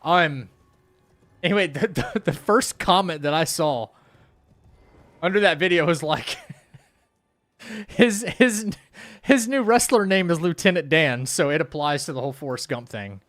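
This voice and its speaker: A man's voice: a little high, measured pace, pauses often, fairly bright tone. Rambling young man streaming a game. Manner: rambling, muttering to the game between stories; laughs often while telling stories. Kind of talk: casual live-stream chat.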